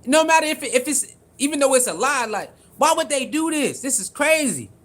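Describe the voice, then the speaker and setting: A man with a high-pitched voice and streams casual sports commentary. He is animated and repeats himself for emphasis, calling out viewers by name as he reads their comments. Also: fairly quick. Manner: animated, repetitive, talks straight to viewers.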